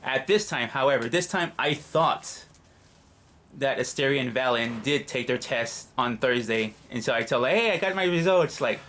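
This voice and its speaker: A man, the channel host, adding a side story in relaxed casual chat. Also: medium pitch, normal speed.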